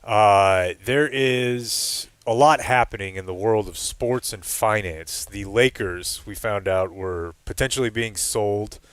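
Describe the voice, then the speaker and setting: Guy on a sports talk show, kinda low voice, loose and chatty, reads out emails. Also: no echo. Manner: loose and chatty, laughs mid-sentence. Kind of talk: casual studio banter, reading listener mail aloud.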